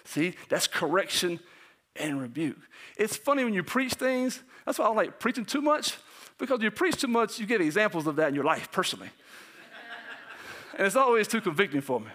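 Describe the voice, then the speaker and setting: With a voice that sits high and a fairly quick pace, this man preaches as a pastor. He's animated, keeps questioning his congregation, and now and then lowers himself to a hushed, almost whispered delivery.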